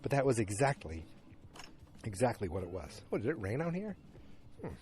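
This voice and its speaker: A man's voice: lowish voice, big pitch swings, normal speed, darkish tone. A man hosting a podcast, recapping an episode in a loose, rambling, chatty way full of fillers, talking at home while his dog moves around. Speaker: podcast host. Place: at home in New England, moving about with his dog.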